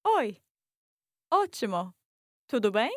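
A woman's voice: on the high side, big pitch swings, takes it slowly, dry recording, studio quality. A woman as the learner co-host on a language lesson podcast, curious and chatty, asking questions and repeating new words.

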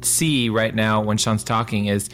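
A man speaking in casual conversation as an interview guest, earnest and measured, with some fillers. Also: on the low side, steady tone, a bit bright, faint music behind.

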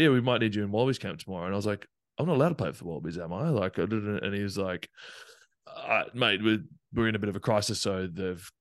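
A young man, a rugby player, telling his story casually and fast, with many fillers. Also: fairly low pitch, dry recording, clean studio sound.

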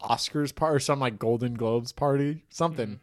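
A young man in casual podcast chat, telling animated stories, swearing, laughing and putting on voices. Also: medium pitch, moderate pace.

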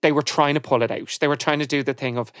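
A man, a podcast guest, telling stories in an animated, chatty way. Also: a little high, quick pace, clean tone, dry recording, clean studio sound. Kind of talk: casual chat.

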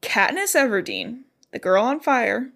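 A woman's voice: fairly high pitch, very animated, unhurried, vocal fry, a bit bright. A young woman co-hosting a casual book podcast, chatty, recapping plot with offhand opinions. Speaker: podcast co-host.

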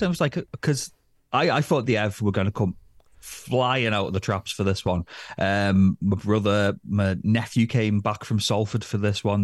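Male podcast co-host, deep-ish voice, loose rambling chat, dry close sound. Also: dry recording. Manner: rambling, hedging with fillers. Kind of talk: casual football chat.

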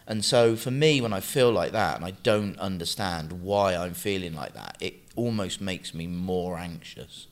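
Man, middle-aged, podcast co-host, lowish voice, relaxed, reflective, candid. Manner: relaxed, open and reflective about his anxiety. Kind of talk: casual chat.

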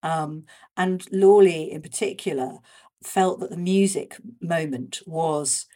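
A woman speaking as an interview guest, chatty and animated, with many fillers and restarts. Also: fairly low pitch, takes it slowly. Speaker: guest discussing a radio show's history. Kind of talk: conversational interview.

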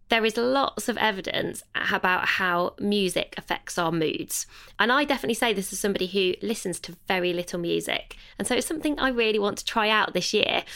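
A woman's voice: mid-range voice, gravelly, a bit bright. Chatty British woman podcast co-host. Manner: storytelling, hesitant, self-correcting. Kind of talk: casual podcast chat.

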